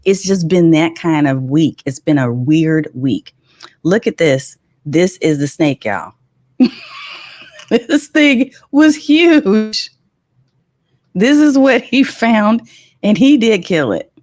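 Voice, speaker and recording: A middle-aged woman, hosting a casual livestream and telling animated stories while greeting viewers. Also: low-pitched, slow pace, no echo. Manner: animated storytelling, greets chat viewers, laughs often. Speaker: livestream host.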